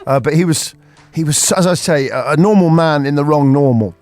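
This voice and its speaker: Higher-voiced man telling rambling stories. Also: a little fast, a little mellow, faint music behind. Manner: rambling anecdotal storytelling. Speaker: radio host. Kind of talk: casual radio chat.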